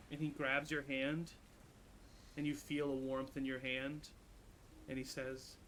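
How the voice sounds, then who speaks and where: A man serving as game master, narrating a tabletop game in a hushed, dramatic way. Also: fairly high pitch, slight background noise.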